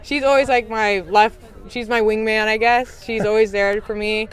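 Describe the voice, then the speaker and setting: A teenage girl softball player giving a bubbly postgame interview outdoors at a ballfield, saying "like" a lot. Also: fairly high pitch, steady tone, moderate pace, clear, resonant tone. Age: teens. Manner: bubbly, heavy use of "like". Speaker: high school softball player.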